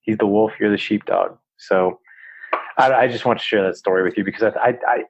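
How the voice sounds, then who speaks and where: A man's voice: lowish voice, fairly even intonation, brisk, vocal fry, slightly rough, no room sound, lo-fi sound. A middle-aged man, a podcast host, telling a personal story in a loose, chatty way with plenty of fillers. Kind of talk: casual storytelling.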